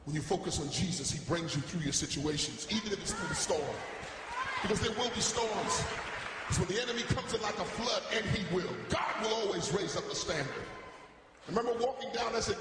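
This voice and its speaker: Earnest, high-voiced man preaching in a church. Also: brisk. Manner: earnest storytelling, emotional. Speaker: gospel singer giving testimony. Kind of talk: testimony sermon. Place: church, live before a congregation. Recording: echoey church hall, noise behind.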